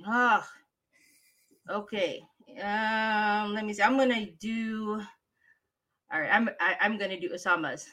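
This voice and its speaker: A woman from the Philippines talks about her teaching and voice work in a bright, forceful voice. She tells her stories expressively, like a practiced read-aloud teacher, speaking casually as an interview guest. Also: medium pitch, slow pace, long pauses. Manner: animated storyteller, expressive. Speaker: guest, voice talent, former teacher.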